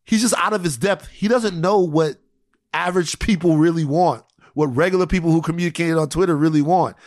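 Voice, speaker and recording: A man's voice: on the high side, a little fast, darkish tone, no room sound, studio quality. A man co-hosting a podcast in loose, casual chat, swearing often and circling back with restarts. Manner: loose, profane, rambling with restarts. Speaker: podcast co-host.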